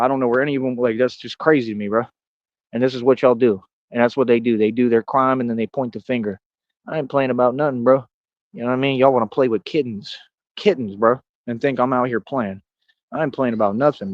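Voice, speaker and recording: A man's voice: mid-range voice, quick pace, no echo, lo-fi sound. Boastful man ranting with street slang. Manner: coos softly at a cat. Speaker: streamer. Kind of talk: rambling livestream monologue.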